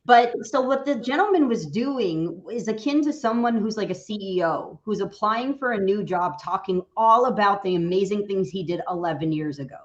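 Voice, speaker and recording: Animated career coach woman, lo-fi call. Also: mid-range voice, normal speed, hardly any pauses. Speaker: career coach, resume writer. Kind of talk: casual video-call chat.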